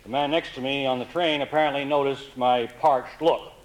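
A man telling comic stories in a dry, wry, deadpan way. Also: medium pitch, unhurried, long pauses, lo-fi sound, slight background noise. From Canada. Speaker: humorist. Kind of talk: comic storytelling.

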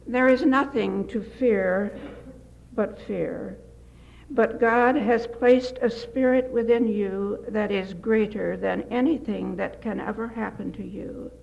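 An older retired woman giving a gentle devotional talk, telling stories with occasional slips and restarts. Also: mid-range voice, takes it slowly, vocal fry, muffled recording. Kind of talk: folksy devotional talk with anecdotes.

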